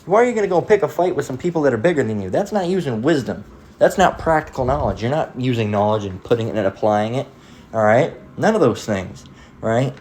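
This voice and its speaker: Animated and brisk, this preacher's medium-pitched, darkish voice carries a rambling, profane, sermon-like monologue full of stories. He performs the voices in quoted dialogue, over a faint hiss or hum.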